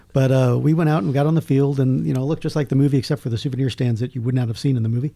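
A film critic appears as a podcast guest, telling jokey stories in casual chat with lively asides. His voice is medium-pitched, fast and creaky, and there's no echo.

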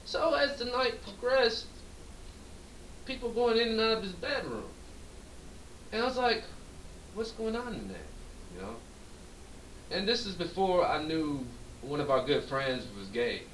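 A man's voice: sits high, measured pace, pauses often. A man co-hosting a podcast, telling a long profane story and acting out the dialogue in it. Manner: animated, profane, acts out quoted dialogue. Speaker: podcast co-host. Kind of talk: drunk storytelling chat. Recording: echoey room, distant mic, faint hiss.

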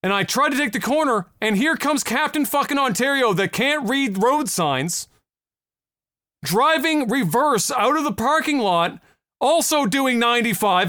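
A man, co-hosting a casual podcast and ranting profanely, getting loud when worked up. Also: extremely high pitch, animated, normal speed, dry recording, studio quality. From Nova Scotia, Canada. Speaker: podcast co-host.

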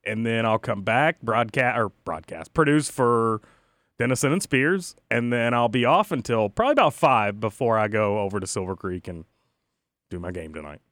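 A man's voice: mid-range voice, expressive, normal speed, fairly bright tone, no room sound, clean studio sound. A young man producing a radio show, easygoing and chatty, laughing now and then. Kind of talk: casual radio chat.

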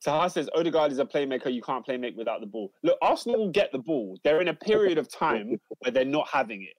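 A man's voice: medium pitch, big pitch swings, no echo. A man hosting a football watchalong, chatting and reading viewer comments aloud. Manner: chatty, reads out viewer comments, measured analysis. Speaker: host of a football watchalong stream. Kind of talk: casual live-stream football commentary.

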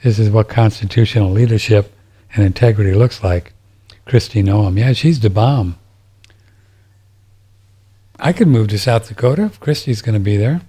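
Male podcast host, low and husky, dark and mellow tone, casual and rambling, reading listener mail at home. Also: normal speed, long pauses. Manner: rambling, with many restarts and fillers. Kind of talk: casual chat. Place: home, seated in a chair.

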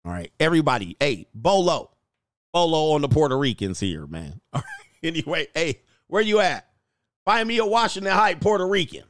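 This dating coach and channel host has a fairly high, sing-song voice and a moderate pace, recorded dry with clean studio sound. Hosting a casual livestream, he reads chat comments aloud and jokes around in loose slang.

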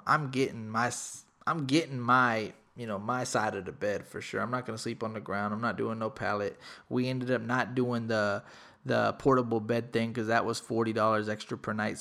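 A young man from Texas, a podcast host telling a casual story with lots of profanity, acting out quoted lines loudly. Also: mid-range voice, gravelly.

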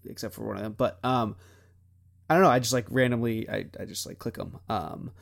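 This podcast co-host, a young man in his twenties, rambles through a casual chat and laughs often. His pitch is fairly low, with vocal fry, and he speaks a little fast.

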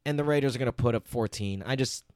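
Fast-talking man hosting a sports podcast. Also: medium pitch, a little mellow, no room sound, studio quality. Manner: runs the segments, keeps the show moving. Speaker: podcast host. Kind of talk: casual sports chat.

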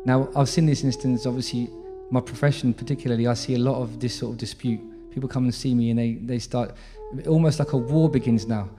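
Man, British accent, storytelling talk, mid pitch, music playing behind. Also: a little fast, few pauses. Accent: British English. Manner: conversational, animated retelling with frequent restarts. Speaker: Sikh speaker addressing a congregation. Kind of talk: spoken storytelling talk with a moral lesson.

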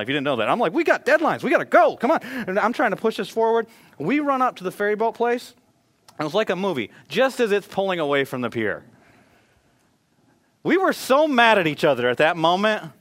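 Male pastor, middle-aged, self-deprecating storyteller, expressive and fairly high-pitched. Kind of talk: sermon.

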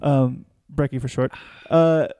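A man's voice: mid-range voice, fairly even intonation, measured pace, warm tone, smooth, no room sound. A man hosting a late-night podcast, joking around and laughing easily in casual chat. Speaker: podcast host.

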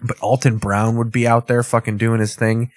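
A man's voice: mid-range voice, level tone, normal speed, no echo. Wry, foul-mouthed man riffing on TV. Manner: rambling, swears freely, wry asides. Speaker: streamer reacting to TV clips. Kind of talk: casual profane commentary.

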